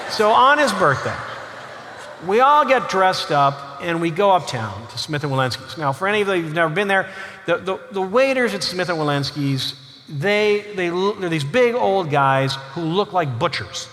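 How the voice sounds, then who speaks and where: A man giving a humorous storytelling lecture as an author, with animated delivery, chuckling asides and frequent "you know"s. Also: sits high, moderate pace. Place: large lecture hall. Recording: long hall reverb, faint noise.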